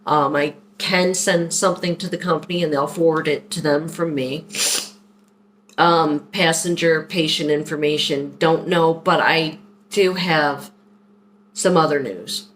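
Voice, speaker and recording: A woman's voice: deep voice, fairly even intonation, a little slow, fairly bright tone, a little hiss or hum. A woman talking openly and at length in a personal vlog, rambling and heartfelt as she speaks to a viewer. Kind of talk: candid personal vlog talk.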